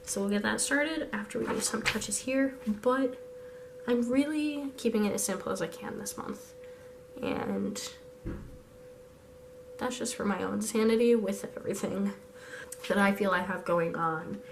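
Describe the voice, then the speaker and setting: A hoarse young woman chatting through a casual planning vlog, thinking aloud. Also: mid-range voice, measured pace, long pauses, background noise. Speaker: vlogger.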